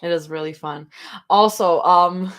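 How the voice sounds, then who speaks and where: A woman's voice: lowish voice, a little slow, fairly bright tone, clear, resonant tone. A young woman chatting casually on a live stream while reading fan fiction, laughing often.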